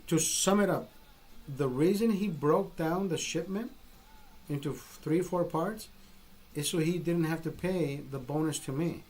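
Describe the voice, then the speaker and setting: Profane, emphatic man, slightly high voice. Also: a little slow, a little mellow, poor audio. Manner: profane, emphatic, retells exchanges in dialogue. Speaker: vlogger. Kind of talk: casual storytelling rant.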